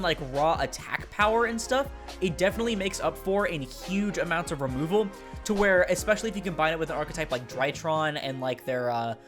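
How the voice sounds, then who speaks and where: Fast-talking man with a sick voice. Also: on the high side, fairly bright tone. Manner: fast, rambling, with fillers and swearing. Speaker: YouTube card game reviewer. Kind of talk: casual review talk. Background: faint background music.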